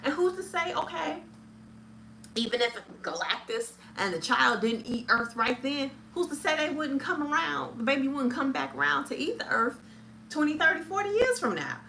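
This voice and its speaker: Chatty woman with a high voice, full of ums. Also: very animated, moderate pace, gravelly, pushed and bright, slight background noise. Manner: chatty, hesitant, many fillers, laughs often. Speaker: film reviewer. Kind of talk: casual live chat review.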